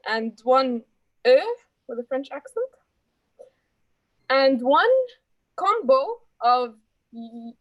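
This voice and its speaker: High, chatty woman encouraging a club. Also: dry recording, rough recording. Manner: chatty, encouraging, calls people dear. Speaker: ah-counter at a speaking club meeting. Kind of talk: friendly report and breathing exercise.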